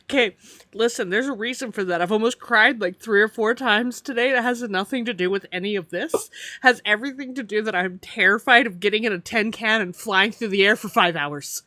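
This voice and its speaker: A woman's voice: mid-range voice, moderate pace, pushed and bright, dry recording, studio quality. A woman co-hosting a paranormal podcast in casual chat, laughing through her words as she talks. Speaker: podcast co-host.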